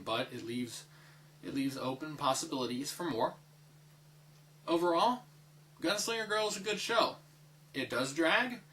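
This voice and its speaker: A man's voice: a little high, sharp tone, low-quality recording. A young man giving a casual, rambling spoken review, full of fillers, restarts and swearing. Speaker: anime reviewer.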